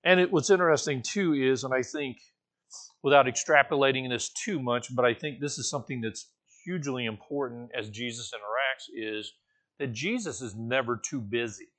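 A man's voice: medium pitch, normal speed, a bit bright. A man preaching a conversational sermon, correcting himself as he goes and rising now and then to emphatic, raised passages. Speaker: pastor.

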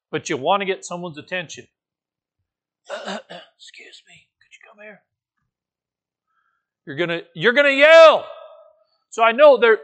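A man's voice: a little high, bright, forceful tone. A man preaching a conversational sermon, correcting himself as he goes and rising now and then to emphatic, raised passages. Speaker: pastor.

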